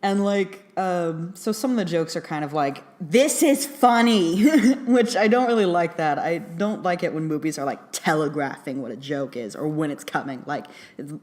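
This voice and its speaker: A woman's voice: low-pitched, normal speed, few pauses, a little mellow. A young adult woman giving a casual, chatty film review, full of fillers and little laughs. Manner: chatty, rambling, many fillers and giggles.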